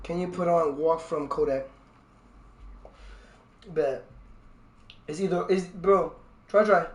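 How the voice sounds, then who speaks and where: A young man livestreaming in casual chat with his viewers, excitable and swearing a lot, swinging from loud outbursts to low mutters. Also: a little slow, gravelly, long pauses, slight background noise.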